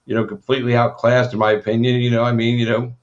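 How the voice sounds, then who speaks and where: A man's voice: medium pitch, level tone, fast talker, highs cut off. A man hosting a casual interview, blunt and profane, joking as he gives advice. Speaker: podcast host.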